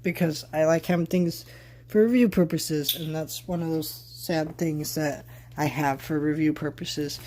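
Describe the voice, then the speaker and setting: A man's voice: on the high side, fairly even intonation, a little slow, background noise. A man vlogging a casual tour of his bedroom on a handheld camera, rambling with sarcastic asides. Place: bedroom, indoors.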